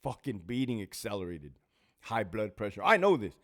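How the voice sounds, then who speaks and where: A man's voice: on the low side, big pitch swings, moderate pace, a bit bright. A man hosting a casual talk show, swearing freely as he tells stories and reads off viewer names. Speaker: host, former prison officer. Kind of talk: casual storytelling monologue.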